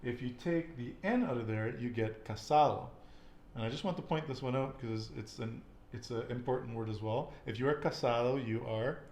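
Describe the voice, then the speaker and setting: A man runs a relaxed Spanish lesson and keeps asking his student questions to check what she knows. His voice bounces around a reverberant room. There is a light hiss of background noise. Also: mid-range voice, normal speed. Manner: patient, quizzing with questions. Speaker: Spanish teacher. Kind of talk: casual language lesson.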